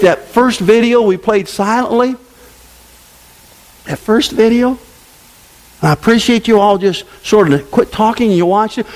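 A pastor preaches a sermon to his congregation, adding conversational asides. His voice drops to low murmurs and rises to loud exclamations.

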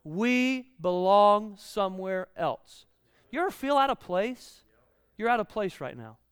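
A man's voice: high-pitched, animated, measured pace, smooth, no echo, big-room sound. A man in his thirties preaching a conversational sermon, repeating key lines and rising in volume when he reads scripture.

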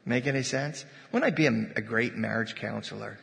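Gravelly preacher in a reverberant church. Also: male voice, mid-range voice, normal speed, noisy background. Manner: conversational preaching with asides and jokes to the congregation. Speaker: pastor. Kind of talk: sermon. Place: church sanctuary. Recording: long reverb of a church hall.

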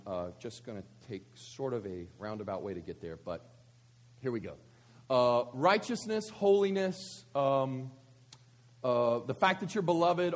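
Man, pastor, sermon, high husky voice, conversational, rhetorical questions. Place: church service.

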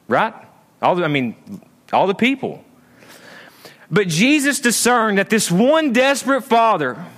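Pastor guy preaching in church, kinda high voice, goes big then drops low. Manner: lively, swings between raised emphatic lines and low asides. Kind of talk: sermon.

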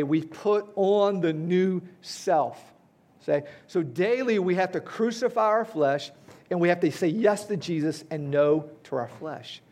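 A man's voice: fairly high pitch, darkish tone. A man in his fifties preaching a sermon to his congregation in a conversational way, often checking in with "right?" and "okay?". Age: 50s. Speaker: pastor. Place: church hall before a congregation.

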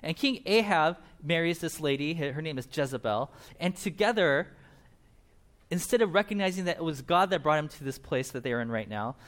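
A man's voice: fairly high pitch, brisk. A man preaching a sermon, telling a Bible story with energy and acting out the quotes. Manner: animated, acts out quotes in changing voices, laughs often. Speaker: pastor.

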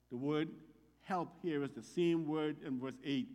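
A man's voice: medium pitch, steady tone, moderate pace, warm tone, long reverb tail. A man preaching a sermon as pastor, reading scripture aloud with emphatic rises on the quoted lines.

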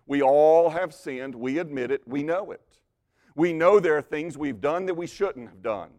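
A male preacher delivering a sermon in a voice pitched a little above the usual for a man. He builds to loud, emphatic declarations, then drops to quiet, soft asides.

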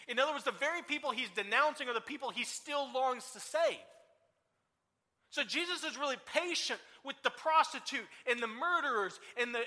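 A man giving a sermon as a guest preacher, energetic and conversational, full of rhetorical questions. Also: extremely high pitch, in a large hall.

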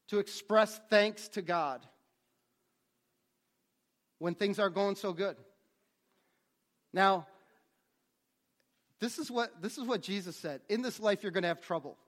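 A man's voice: sits high, animated, a little slow, long pauses, fairly bright tone. A man preaching a sermon, earnest, often repeating words as he restarts his phrases. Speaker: pastor.

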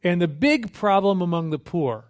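A man preaching a sermon with a fairly high voice. He talks in an easy, humorous way and acts out little scenes as he tells them. His voice keeps lifting on the punchlines. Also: moderate pace. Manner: conversational, humorous, animated storytelling with acted quotes. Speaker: missionary preacher.

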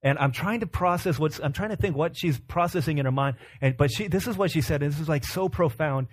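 A man's voice: on the high side, fairly quick, breathy edge. A man in his thirties preaching a sermon, earnest and storytelling, breaking into laughs and acting out the voices in his stories. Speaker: pastor.

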